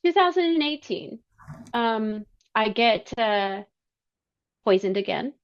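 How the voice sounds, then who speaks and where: A woman telling her personal story as a podcast guest, halting, with many fillers and restarts. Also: fairly high pitch, lively intonation, muffled recording.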